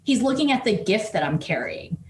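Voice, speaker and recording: A woman researcher telling a lively story as an interview guest, with plenty of "like"s and restarts. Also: medium pitch, fairly quick, roomy sound, slight background noise. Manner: lively anecdote full of "like" and restarts. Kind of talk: storytelling in conversation.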